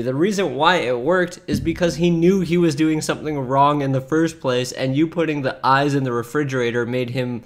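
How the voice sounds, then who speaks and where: A man's voice: fairly high pitch, normal speed, few pauses. A man in his thirties giving casual reaction commentary as a streamer, chatty, breaking into laughter often and reading posts aloud with asides. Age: 30s.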